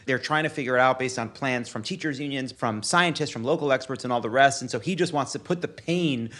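A man's voice: medium pitch, quick pace, fairly bright tone. A man hosting a political talk show, arguing passionately in long runs of points. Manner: impassioned, listing arguments in long runs. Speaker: podcast host. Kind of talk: casual political commentary.

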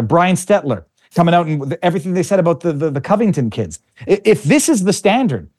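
Man, interview guest, fairly high voice, impassioned, combative, repeats words. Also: darkish tone. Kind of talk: conversational interview.

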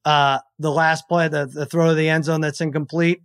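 A man in his forties telling a story in casual chat on a podcast, acting out his family's shouts. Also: on the high side, moderate pace, clean tone. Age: 40s. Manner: animated storyteller who acts out family members' shouts. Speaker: podcast guest.

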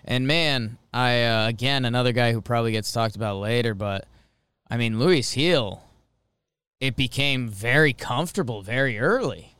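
A man's voice: medium pitch, moderate pace, clear, resonant tone, no echo. A man co-hosting a casual sports podcast, rattling off a jokey play-by-play game recap. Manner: excitable play-by-play delivery, jokey. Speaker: podcast co-host.

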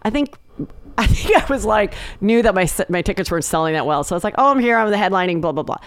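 A woman comedian guesting on a podcast, telling stories chattily and acting out quotes in a higher voice. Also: big pitch swings, fast talker, no room sound. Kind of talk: casual chat, storytelling.

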